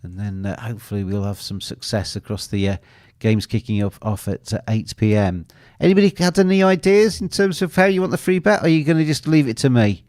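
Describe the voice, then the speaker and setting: A man's voice: mid-range voice, animated, brisk, hardly any pauses, a little mellow, no room sound, studio quality. A man hosting a live football betting show, commenting on a match and teasing his co-host while reading viewer comments aloud.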